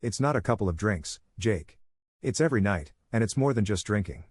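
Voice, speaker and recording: A man reading the lines of a weary wife in a scripted story, speaking in a quiet, restrained way. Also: lowish voice, animated, a little fast, breathy edge. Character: weary wife ending her marriage, grown woman.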